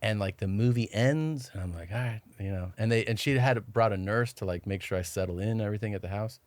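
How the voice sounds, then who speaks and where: A man's voice: lowish voice, fast talker, a little mellow, dry recording. A man guesting on a podcast, telling rambling stories in casual chat and acting out what others said to him.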